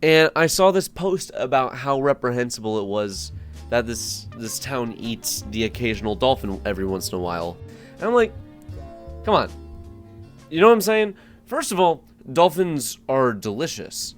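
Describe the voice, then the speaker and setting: A man's voice: medium pitch, normal speed, faint music behind. Young man doing stand-up, stammering. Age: young adult. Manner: deadpan with sudden loud outbursts and repeated stammers. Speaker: comedian and street interviewer. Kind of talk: stand-up comedy.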